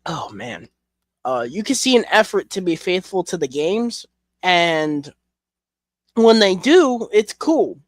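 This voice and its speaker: A man's voice: high voice, big pitch swings, slow, dry recording. A young man chatting casually as a collection reviewer, rambling with fillers and frank swearing. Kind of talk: casual chat.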